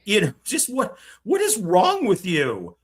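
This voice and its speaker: A man co-hosting a casual film discussion, talking in an animated way, swearing freely and laughing often. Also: sits high, a little slow. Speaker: film podcast co-host.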